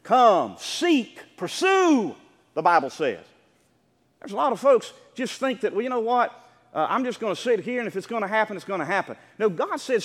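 A high-pitched male preacher delivering an emphatic sermon, his voice swooping up and down as he builds toward near shouts. His words ring out with a long reverb through the church sanctuary. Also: big pitch swings, moderate pace. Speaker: pastor.

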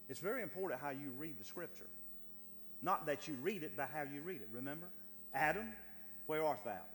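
A man preaching a sermon, building to emphatic, rising lines with repeated words. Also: fairly high pitch. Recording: light hum in a reverberant hall.

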